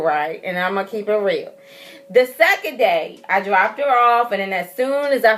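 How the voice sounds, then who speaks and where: A woman's voice: on the high side, fairly bright tone. A young woman telling a story in a casual vlog update, chatty and rambling, with lots of fillers. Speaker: vlogger.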